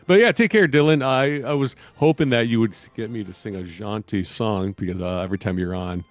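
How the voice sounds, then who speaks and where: A man hosting a casual chat stream from an echoey room. He talks in halting bursts, restarts often and laughs a lot. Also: fairly low pitch. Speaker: stream host. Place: room with echo.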